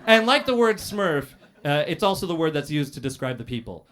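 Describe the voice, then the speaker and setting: This fairly high-pitched male comedian is doing a roast set at a comedy club. His delivery is deadpan and dry, broken by frequent "uh" pauses and abrupt loud outbursts.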